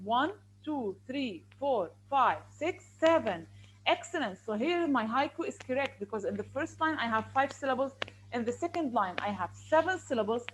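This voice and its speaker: A woman's voice: fairly high pitch, a little hiss or hum, low-quality recording. A woman teacher, patiently explaining and counting syllables aloud in a classroom.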